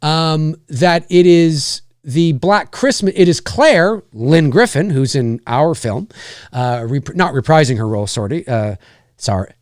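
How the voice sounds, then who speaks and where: Lively Canadian man rambling on a live stream. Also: fairly high pitch, a little slow, no room sound, clean studio sound. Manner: rambling, with many fillers and restarts. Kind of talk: casual live-stream chat.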